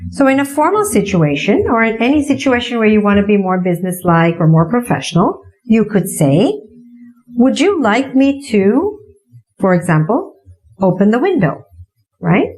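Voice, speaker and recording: A woman's voice: mid-range voice, a little mellow, rough recording. Patient woman teaching English phrases. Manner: clear, patient, repeats example phrases. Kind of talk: classroom explanation of phrases.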